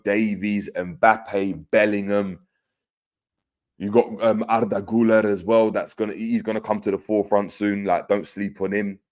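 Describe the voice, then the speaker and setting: Brief: man, low voice, casual stream host reading viewer comments, loose and chatty with restarts. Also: a little mellow. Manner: conversational, many fillers and restarts, reads out comments. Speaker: football podcast host.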